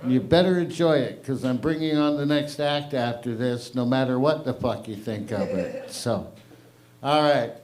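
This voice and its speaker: Brash, profane comedy show host. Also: male voice, mid-range voice, moderate pace, darkish tone, rough recording. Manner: brash, profane, self-mocking. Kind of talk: stand-up emcee banter. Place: small comedy venue with live audience.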